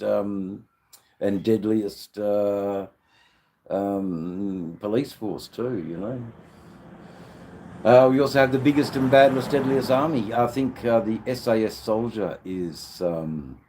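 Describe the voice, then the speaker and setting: This livestream host is an Australian man whose deep, unhurried voice has a darkish tone, with a slight hiss or hum in the audio. He meanders along, cursing freely, as he says hello to people in the chat.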